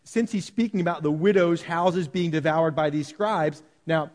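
A man's voice: a little high, moderate pace, a little mellow. A middle-aged man preaching a sermon in a church, talking plainly and now and then mimicking pompous prayers. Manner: conversational preaching with mock-pompous quoted prayers. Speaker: pastor. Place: church hall.

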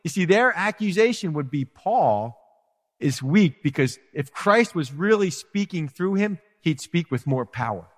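A man preaching a sermon as pastor, animated, acting out quotes and asides to his congregation. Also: on the high side, unhurried, long reverb tail.

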